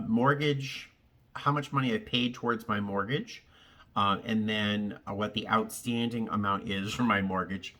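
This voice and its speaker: A man from Massachusetts talks straight to his viewers in a casual, heartfelt vlog. He halts and rambles, stacking ums and restarts as he searches for words. His voice sits on the lower side but comes through bright and forward. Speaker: vlogger. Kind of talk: casual direct-to-camera chat.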